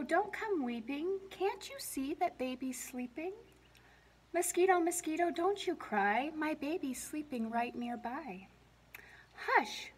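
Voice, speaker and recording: At story time, a woman librarian with a high, husky voice reads a picture-book lullaby to children. Her reading is a lilting sing-song, sprinkled with playful animal sounds and questions for the kids.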